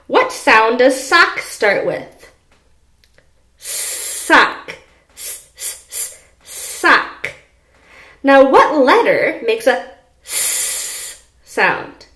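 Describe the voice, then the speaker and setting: A woman teaching a preschool phonics lesson from home, speaking slowly and repeating letter sounds for young children. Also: sits high, a bit bright, reverberant. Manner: slow, sing-song, repeats sounds for children. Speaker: pre-K teacher.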